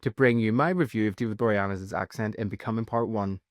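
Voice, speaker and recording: A man's voice: on the low side, quick pace, no room sound, clean studio sound. A man with an Irish accent delivering a playful, mock news-style review as a guest correspondent. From Ireland. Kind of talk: recorded segment, jokey review.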